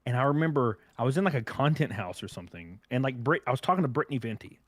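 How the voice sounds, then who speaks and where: Young male podcast co-host, crude storyteller, swinging pitch, dry booth sound. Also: lively intonation, fast talker, no echo. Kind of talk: casual comedic chat.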